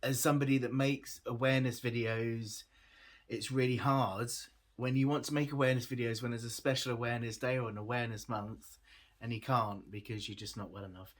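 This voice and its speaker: A man's voice: mid-range voice, steady tone, fairly quick. A tired man chatting casually to his camera as a vlogger, laughing often and making fun of himself. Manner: chatty, laughs often, self-deprecating, trails off.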